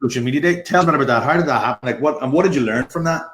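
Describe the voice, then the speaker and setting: A male host who talks at a quick clip. He is blunt and enthusiastic and swears casually in relaxed interview chat. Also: mid-range voice. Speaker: podcast host.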